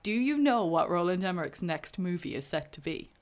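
Enthusiastic sweary woman, lowish voice. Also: animated, fairly quick. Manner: enthusiastic, sweary, shares fun facts. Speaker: podcast co-host. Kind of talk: casual chat about films.

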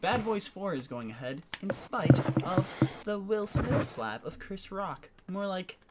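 A man's voice: high voice, sing-song, unhurried, crowd noise. Crude, joking young podcast host man. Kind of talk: casual chat reading entertainment news.

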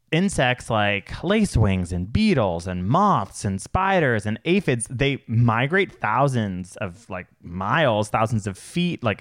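A man's voice: medium pitch, dry recording, studio quality. A man co-hosting a podcast in casual chat, playful and jokey with sassy asides. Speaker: podcast co-host.

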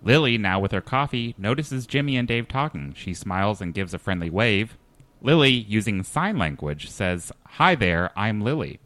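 Casting: male podcast host, bright and lively, dry close sound. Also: fairly low pitch, moderate pace, no room sound. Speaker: podcast host reading stage directions. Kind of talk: comedic script read-through.

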